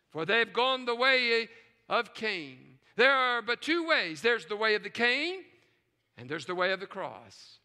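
High, bright-voiced preaching man. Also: very animated, a little slow, in a large hall. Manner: preaching with dramatic swings from hushed to shouting. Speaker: pastor. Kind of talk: sermon. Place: large church sanctuary with choir and orchestra. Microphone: live stream.

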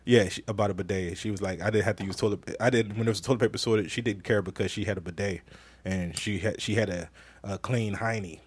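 A man's voice: on the low side, fairly even intonation, fast talker, breathy edge. A man hosting a casual podcast live stream, reading out viewer comments with a playful, laughing manner. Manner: laughing, playful, repeats phrases. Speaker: podcast host.

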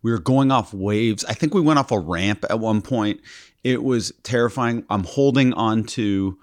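A man co-hosting a podcast, retelling a story in casual chat with a teasing, animated manner. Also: lowish voice, normal speed. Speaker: podcast co-host.

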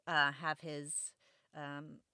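A woman with a low-pitched but sharp, bright voice retells a novel chapter in a casual, chatty way. She drops in personal asides between stretches read straight from the page. The recording is dry and close, with no room sound. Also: flat delivery, extremely slow, clean tone, no echo. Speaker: podcast host. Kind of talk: casual book recap with read-aloud passages.

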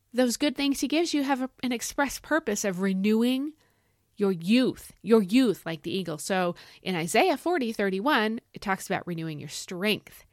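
Excitable woman teaching scripture. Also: mid-range voice, no echo, clean studio sound. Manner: animated, excitable, folksy with y'all. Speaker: podcast host. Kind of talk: enthusiastic Bible teaching podcast.

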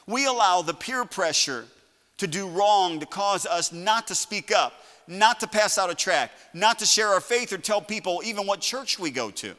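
A man preaching a sermon, building to loud shouts and then dropping to a quiet, conversational tone. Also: on the high side, big-room sound. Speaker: pastor.

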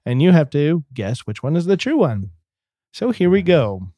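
A man's voice: a little high, big pitch swings, moderate pace, dark tone, no echo, clean studio sound. A man co-hosting a casual podcast, reading out quiz headlines and laughing easily. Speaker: podcast co-host. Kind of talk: casual chat.

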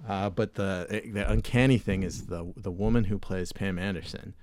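A man's voice: sits low, steady tone, moderate pace, a little mellow, no echo, studio quality. A man hosting a podcast, talking in a rambling, laid-back way with casual swearing. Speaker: podcast host. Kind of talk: casual chat.

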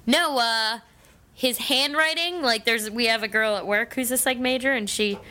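A woman's voice: a little high, normal speed, bright, forceful tone. A woman co-hosting a comedy radio talk show, rambling through stories with constant fillers and swearing. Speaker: co-host. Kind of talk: casual comedy chat.

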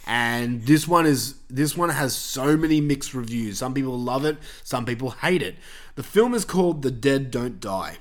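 A man's voice: mid-range voice, animated, normal speed. Man, podcast host, casual film chat, blunt, sweary. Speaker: podcast host reviewing films.

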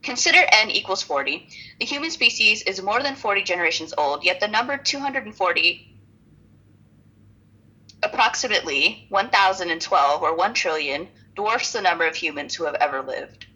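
Woman cohosting a podcast, kinda husky, laughs a lot, jokes about her own notes. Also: mid-range voice, expressive, moderate pace, pushed and bright, rough recording. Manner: laughs often, self-deprecating asides. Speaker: podcast co-host. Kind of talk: casual chat, reading notes aloud.

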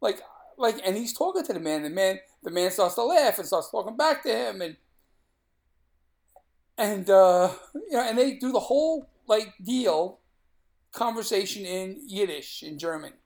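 A man from Brooklyn speaks, telling stories in plain, colloquial talk. His voice has a gravelly, fry-edged texture, and he laughs through his punchlines. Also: sits high, expressive, normal speed, a little mellow. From Brooklyn, New York. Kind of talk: casual chat.

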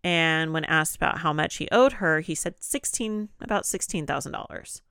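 A woman's voice: low voice, normal speed, gravelly, fairly bright tone, smooth, no echo, clean studio sound. A woman co-hosting a casual true-crime podcast, retelling a case in a heated, indignant way. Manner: heated, retelling with quoted voices. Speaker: podcast co-host.

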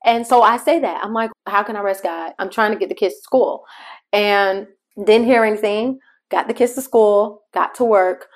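Woman podcast host, middle-aged, mid pitch, conversational devotional storyteller who talks straight to her listeners. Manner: shifts pace between slow emphasis and quick asides.

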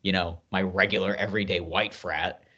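A man's voice: deep voice, steady tone, moderate pace, bright, forceful tone, slightly rough. A man co-hosting a podcast, telling a story in a rambling, laughing, casual way. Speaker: podcast co-host. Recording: dull lo-fi sound.

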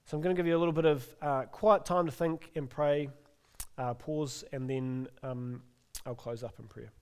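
A middle-aged male pastor preaching a sermon in an earnest, gently inviting way, then closing in prayer. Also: mid-range voice, fairly even intonation, moderate pace, clean tone.

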